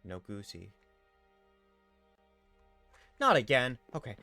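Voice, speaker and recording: Playful, lively-voiced man streaming a game. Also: mid-range voice, slow, pauses often, soft background music. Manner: playful, rambling, reads chat messages aloud. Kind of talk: casual live-stream chat and in-game role-play.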